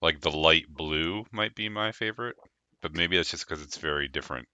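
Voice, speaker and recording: A man with a low but intensely bright, forceful voice leads a live tabletop game session. He talks in animated, rambling bursts, restarting phrases and laughing often. The sound is close and dry. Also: moderate pace, smooth, no echo, highs cut off. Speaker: game master. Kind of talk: casual chat hosting a live tabletop game stream.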